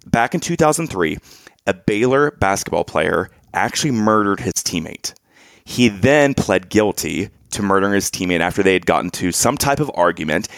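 A man's voice: low voice, lively intonation, moderate pace, gravelly, fairly bright tone, dry recording, studio quality. A man co-hosting a podcast, earnestly laying out background for listeners in casual chat. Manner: earnest, explains background at length. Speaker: podcast co-host.

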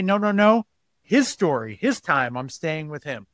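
Animated man explaining, slightly high voice. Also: a little slow, dry recording. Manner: animated storyteller, acting out quoted voices. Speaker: guest. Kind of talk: podcast interview.

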